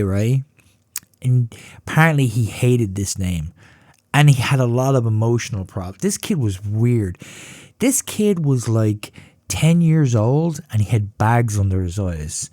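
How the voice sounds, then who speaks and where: Profane, animated man in his fifties. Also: medium pitch, no echo, studio quality. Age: 50s. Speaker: podcast host. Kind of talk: casual storytelling.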